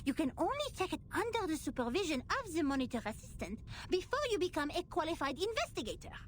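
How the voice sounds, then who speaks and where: A woman's voice: extremely high pitch, big pitch swings, fast, a little hiss or hum. A woman voicing a prim, formal young assistant in a game, speaking in a precise, slightly fussy way.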